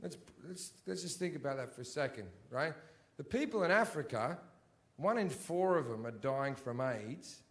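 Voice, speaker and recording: A male stand-up comedian performing in a large theatre, swinging between shouted rants and low mutters, with heavy swearing. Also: animated, moderate pace. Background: audience laughter.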